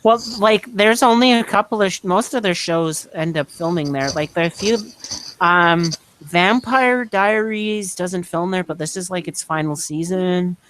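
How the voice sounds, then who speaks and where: A man's voice: high-pitched, moderate pace, fairly bright tone, clear, resonant tone. A man from Canada co-hosting, making wry remarks in casual chat. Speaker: podcast co-host.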